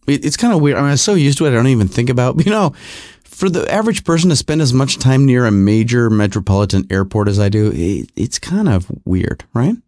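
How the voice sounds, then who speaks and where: A man's voice: mid-range voice, animated, brisk, darkish tone, no room sound, studio quality. A middle-aged man hosting his own podcast from his garage, rambling through a wry, self-deprecating casual monologue. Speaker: podcast host. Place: home garage.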